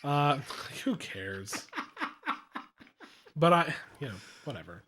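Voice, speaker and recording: A man's voice: fairly high pitch, sing-song, slow pace, fairly bright tone. A young man co-hosting a podcast, giving blunt, offhand opinions in casual chat. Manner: blunt, offhand, dry asides. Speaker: podcast co-host. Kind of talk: casual movie review chat.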